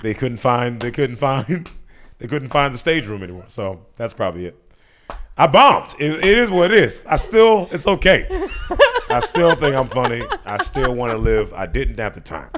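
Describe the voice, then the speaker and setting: A man's voice: mid-range voice, big pitch swings, moderate pace, a bit bright, slight background noise. A man in his thirties, a comedian guest on a podcast, telling a story casually with laughs and acted-out quotes. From United States. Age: 30s. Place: podcast studio.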